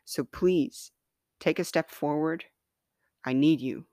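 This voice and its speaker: A woman's voice: sits low, takes it slowly, mellow, dry recording, studio quality. Woman doing a firm, patient Body. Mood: coaxing. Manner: firm, coaxing, reassuring.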